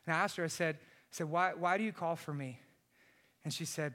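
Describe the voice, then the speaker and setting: Bright-voiced impassioned male preacher. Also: fairly high pitch, steady tone, fast. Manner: impassioned preaching, shouting at peaks then dropping soft. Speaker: pastor. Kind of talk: sermon.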